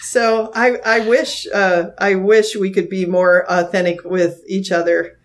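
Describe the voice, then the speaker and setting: A woman in casual conversation, speaking earnestly and a little haltingly. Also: mid-range voice, flat delivery.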